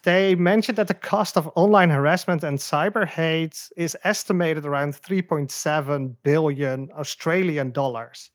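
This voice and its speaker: Male co-host, enthusiastic, halting delivery; slightly high voice, dry studio. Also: dry recording. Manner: enthusiastic, hesitant with fillers. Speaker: podcast co-host. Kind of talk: studio panel chat.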